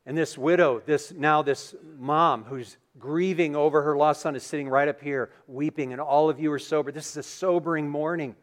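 High-voiced pastor preaching a sermon. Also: male voice, normal speed, few pauses. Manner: animated storytelling, acting out scenes. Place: church sanctuary.

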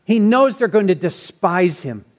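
A man's voice: high-pitched, unhurried. Earnest male pastor preaching. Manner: earnest, animated preaching with restarts. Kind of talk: sermon.

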